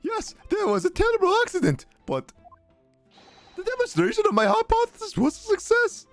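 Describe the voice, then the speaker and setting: A man voicing an excitable, eccentric male scientist in a squeaky, high-pitched put-on voice, reading game dialogue on a stream. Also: moderate pace, gravelly, faint music behind, heavily acted. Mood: frantic. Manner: shouting triumphantly, overexcited. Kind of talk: reading a game's dialogue aloud on a livestream.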